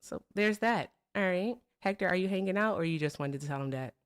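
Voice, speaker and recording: Her voice sits fairly low with a clean tone, and she talks a little fast with lively intonation. As host of a live political call-in stream, she greets viewers and callers in an upbeat, chatty way, tossing out "y'all" as she goes.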